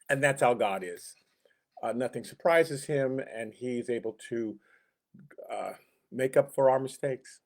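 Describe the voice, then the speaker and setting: Guy teaching sunday school, chatty, chuckles a lot, middle pitch. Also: unhurried. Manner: conversational, chuckles often, acts out quoted lines. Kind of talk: casual Bible teaching.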